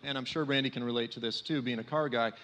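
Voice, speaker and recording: A man in his forties giving a conversational sermon, animated and full of fillers. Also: mid-range voice, fast talker. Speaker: speaker at a church. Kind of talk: sermon talk. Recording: long hall reverb.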